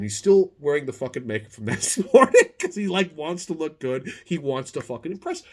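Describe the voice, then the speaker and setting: A man telling a casual, animated anecdote to the camera, full of swearing and restarts. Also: on the high side, normal speed. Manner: profane, animated, self-interrupting. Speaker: storyteller, former podcast host.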